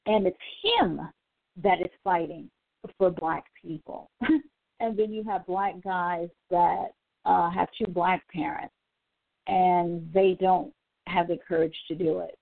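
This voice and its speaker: A woman hosting a casual talk show, telling a story in an animated way and acting out the quotes, sounding exasperated. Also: on the low side, slow, creaky, no room sound. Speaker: show host. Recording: phone-like dry audio.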